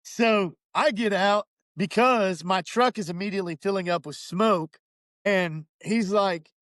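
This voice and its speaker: A man's voice: high-pitched, a little slow, no room sound, studio quality. A man telling a personal story in casual chat, acting out what others said. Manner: animated, acts out quoted voices. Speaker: podcast guest.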